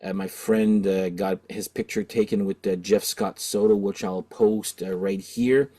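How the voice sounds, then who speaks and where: This middle-aged man, a Canadian who runs a record-collecting channel, talks in a lowish, warm voice that stays steady and unhurried. His casual story wanders, packed with fillers and false starts.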